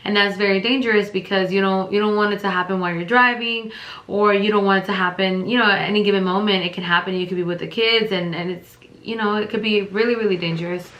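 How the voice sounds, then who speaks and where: A woman's voice: medium pitch, fairly even intonation, fast, dull audio. A woman vlogger telling a casual storytime, rambling with lots of fillers as she retells events. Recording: roomy echo.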